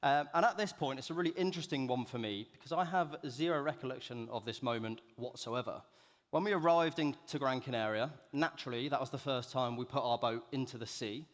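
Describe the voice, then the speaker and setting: A man's voice: mid-range voice, a little fast. A young man with a mid-range voice jokes at his own expense while telling a story on stage. His voice carries the long echo of a large conference hall. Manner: self-deprecating, joking delivery. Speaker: keynote speaker. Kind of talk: storytelling keynote talk. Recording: echoey hall reverb.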